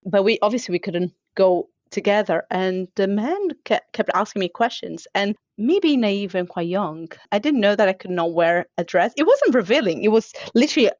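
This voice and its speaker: A woman's voice: medium pitch, animated, normal speed, few pauses, no room sound, muffled recording. A woman appearing as a podcast guest, telling stories in a casual chat and laughing often. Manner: warm storyteller who laughs often. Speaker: podcast guest, improvement consultant.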